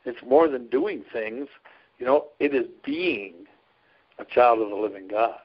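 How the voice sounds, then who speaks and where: Unhurried and medium in pitch, this man works as a trucker chaplain and leads a ministry. In a relaxed interview he shares stories with folksy sincerity and frequent laughter, captured on a dull, lo-fi recording.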